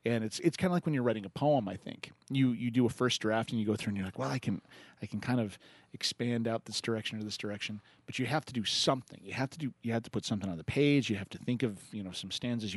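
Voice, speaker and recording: A man's voice: lowish voice, fast talker, no echo. A man hosting a call-in poetry show, chatting casually, joking and laughing often. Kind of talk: casual radio chat.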